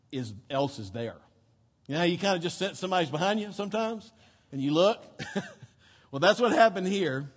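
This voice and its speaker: A male pastor preaching a sermon, telling the story expressively, dropping to a hush and then rising to emphasis. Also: a little high. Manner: expressive storytelling, swinging between hushed and emphatic. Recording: long hall reverb.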